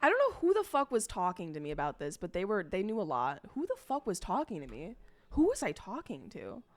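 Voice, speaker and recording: A woman's voice: mid-range voice, huge pitch swings, a little fast. Chatty young woman streaming casually. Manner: rambling, swears freely, talks to chat and her pets.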